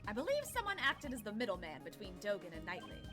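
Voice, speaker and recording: A woman's voice: medium pitch, wildly swooping pitch, quick pace, over music. A woman reading as a composed male prosecutor. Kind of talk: game dialogue read aloud.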